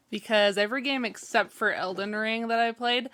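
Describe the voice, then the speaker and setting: A woman's voice: on the high side, normal speed, a bit bright. A woman co-hosting a casual podcast chat, rambling with lots of fillers and restarts. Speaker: podcast co-host.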